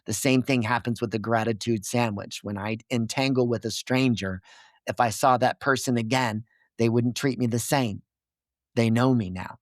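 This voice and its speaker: A man's voice: medium pitch, fairly even intonation, moderate pace, no room sound, clean studio sound. A man as a podcast guest, explaining his ideas earnestly and checking in with his listener as he goes. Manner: didactic, checks in with "okay?" and "right?".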